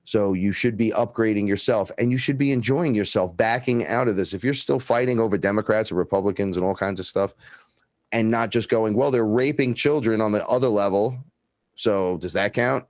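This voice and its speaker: A man's voice: lowish voice, brisk, no echo, studio quality. A man telling stories in a casual, profane chat, acting out the dialogue. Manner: profane, animated, acts out dialogue in his stories. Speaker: guest.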